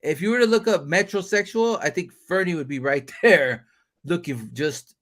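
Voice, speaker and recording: A man's voice: high-pitched, normal speed. A man hosting a live-stream chat, talking in a loose, profane, joking way and laughing often. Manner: animated, profane, laughing banter. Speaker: host of a livestream chat. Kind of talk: casual chat.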